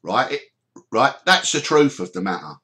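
A middle-aged man hosting a podcast, telling stories in an animated way, swearing freely and acting out the people he quotes. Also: mid-range voice, moderate pace. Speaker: podcast host. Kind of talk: storytelling chat.

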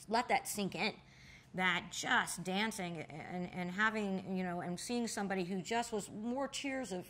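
A woman in an oral history interview, telling stories in a lively way and jumping high when she acts out what people said. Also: slight background noise. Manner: animated storyteller, acts out quotes with sudden high exclamations. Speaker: interviewee, bar co-owner and nonprofit founder. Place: in a bar.

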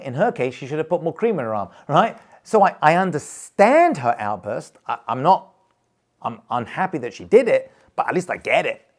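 A middle-aged man, a rabbi, teaching a class in a chatty, storytelling way with acted-out quotes. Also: on the high side. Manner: animated, chatty, tells anecdotes with acted quotes. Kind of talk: lively storytelling lecture.

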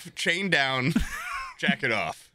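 A man's voice: mid-range voice, slow pace, dry recording. A young man co-hosting a podcast, telling profane stories in a casual chat and acting out the people in them. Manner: profane, animated storytelling with voiced impressions. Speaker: podcast co-host.

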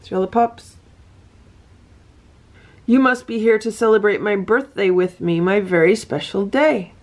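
A woman reading a children's picture book aloud to her cats, gentle and sing-song, breaking off to point at the pictures. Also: medium pitch, unhurried. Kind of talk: storybook read-aloud with asides.

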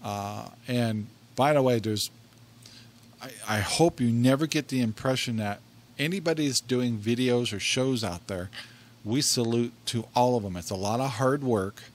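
A man's voice: medium pitch, a little slow. A middle-aged man hosts a laid-back podcast, speaking into a desk microphone in a mid-range voice. He rambles, laughs often and restarts his sentences as he tells stories. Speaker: podcast co-host. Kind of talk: casual podcast monologue.

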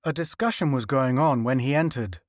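A man narrating classic fiction in an even, steady reading voice, recorded on a close mic. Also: mid-range voice, brisk, no room sound. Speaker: audiobook narrator.

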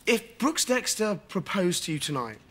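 A wry charming scoundrel. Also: male voice, sits high, big pitch swings, moderate pace, a bit bright, exaggerated voice. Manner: wry, playful. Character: charming self-mocking male scoundrel.

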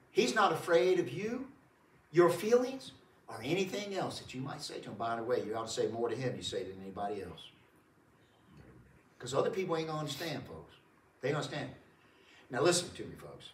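In a church sanctuary, a man preaches as a pastor in a mid-range, sing-song voice at a moderate pace with frequent pauses. His folksy delivery keeps repeating itself, and he chuckles often and calls his listeners folks. The distant mic gives a roomy church sound with a little hiss or hum.

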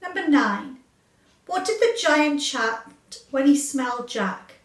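A woman teacher reading out a children's quiz, slow and clear, repeating each question. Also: sits high, animated. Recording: echoey room, far from mic.

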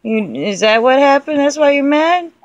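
A woman's voice: high voice, lively intonation, normal speed, no room sound, muffled recording. A young woman filming her baby on a phone at home, talking in coaxing, playful baby talk. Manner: sing-song, coaxing and playful. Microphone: phone held over the baby.

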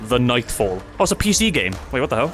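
Excitable man gaming with loud music. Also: mid-range voice, quick pace. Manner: excitable, swearing, joking. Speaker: gaming channel host. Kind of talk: casual co-op gaming banter. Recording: game music behind.

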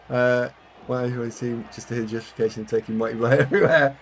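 A man's voice: mid-range voice, fairly even intonation, fast, slight background noise. A man with a Yorkshire accent casually commentating his own game live, thinking aloud and chatting with viewers. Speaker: game streamer.

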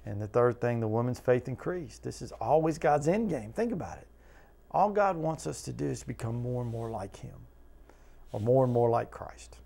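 A man's voice: mid-range voice, sing-song, normal speed, gravelly, warm tone. A man teaching a Bible study as pastor, earnest and conversational, asking his listeners question after question. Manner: earnest, talks to listeners with repeated questions, acts out quotes.

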